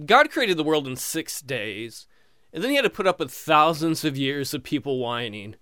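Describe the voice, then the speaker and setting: Animated sardonic stand-up comedian man. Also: a little high, normal speed, clear, resonant tone, no room sound, studio quality. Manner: sardonic, animated, swearing punchlines.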